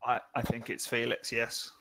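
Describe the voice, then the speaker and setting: A man's voice: medium pitch, completely flat delivery, normal speed, vocal fry. A man co-commentating a live sim race, making dry, matter-of-fact remarks. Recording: loud background noise.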